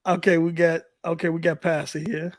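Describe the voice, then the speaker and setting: A man's voice: a little high, flat delivery, fairly quick, dry recording. Loose-talking male stream host, dry sound. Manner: loose, profane, talks while fiddling with clips. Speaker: livestream host. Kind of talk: casual livestream chat.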